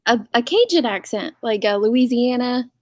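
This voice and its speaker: A woman's voice: fairly high pitch, animated, moderate pace, no room sound, studio quality. A middle-aged woman from Central Illinois hosting a casual group chat, chatty and laughing often. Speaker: channel host.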